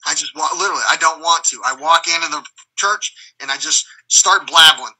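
A man's voice: a little high, brisk, poor audio. A man telling rambling, profane stories in a casual live conversation, often acting out other people's voices. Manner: acts out quoted voices loudly.

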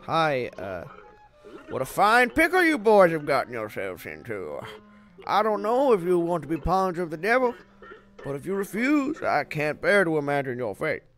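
A fussy, fatherly old kettle elder, as a man puts him on, rambling a little as he worries over two boys. The voice stays lively and a bit high for a man. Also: normal speed, soft background music. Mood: fatherly worry.

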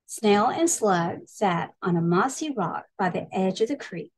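Woman librarian reading a kids book, slow and steady, dry close sound. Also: medium pitch, dry recording. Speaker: children's librarian. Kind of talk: picture book read-aloud narration.

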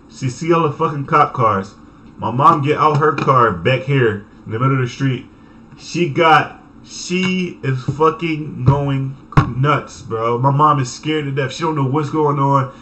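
A young man telling a story from his childhood in a casual, animated way, full of cursing and laughter. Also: a little high, slight background noise. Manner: animated, profane, laughing, acts out voices. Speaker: vlogger.

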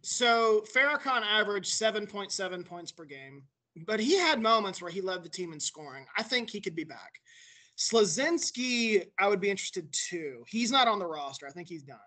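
A man's voice: high-pitched, sing-song, moderate pace, bright, forceful tone. A man guesting on a casual sports podcast, matter-of-fact as he reads through stats and roster lists.

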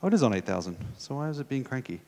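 A man's voice: mid-range voice, sing-song, racing, darkish tone, slight background noise. American man giving a live coding demo. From United States. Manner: casual, thinking aloud while typing, many fillers. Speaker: conference speaker. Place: conference hall. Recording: long hall reverb from a conference room.

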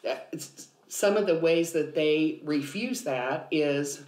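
A woman's voice: deep voice, slow pace, darkish tone. A woman biblical counselor explaining things earnestly in a podcast conversation, with frequent ums. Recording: roomy echo.

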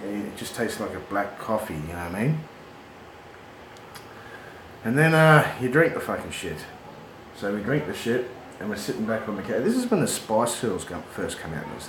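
Australian bloke, middle-aged, crude animated storyteller, echoey room with clear background noise. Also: male voice, on the low side. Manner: swearing, animated, laughs at his own yarns. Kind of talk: casual storytelling.

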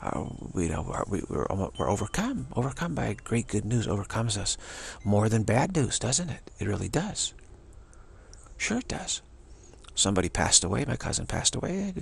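Very gravelly, husky-voiced male teacher. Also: on the low side, big pitch swings, moderate pace. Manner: loose, rambling, repeats phrases for emphasis. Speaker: spiritual teacher. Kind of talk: informal spiritual teaching talk.

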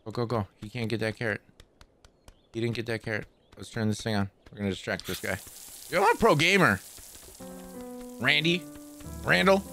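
A man hosting a gaming channel, giving playful, excitable let's play commentary full of trash talk. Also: fairly low pitch, quick pace.

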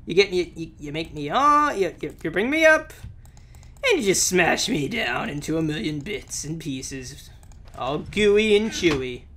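A young man with a high, lively, bright voice narrates his gameplay, shouting at enemies and joking with the game. He is slightly sick with a sore throat, and his speech swings between unhurried musing and excited bursts. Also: a little hiss or hum. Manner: excitable, exclamatory, talks to the game. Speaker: gameplay commentator. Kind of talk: let's play commentary.

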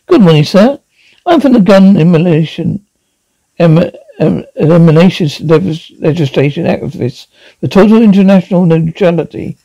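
A nervous, stammering young activist at the door, voiced by a man, tripping over long words with careful, overly polite spelling. The voice is gravelly and mellow, recorded dry. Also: sits high, animated, normal speed, dry recording, lo-fi sound.

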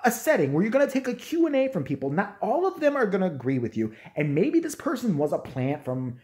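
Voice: medium pitch, very animated, brisk, few pauses, a little mellow. A vlogger ranting in a profane, mocking commentary and often laughing.

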